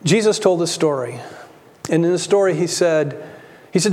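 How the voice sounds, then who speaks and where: High-pitched guy preaching, earnest and repeating himself, big echoey church hall. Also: expressive, moderate pace, pauses often. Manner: earnest preaching, repeats words, drops quiet for emphasis. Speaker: pastor. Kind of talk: sermon.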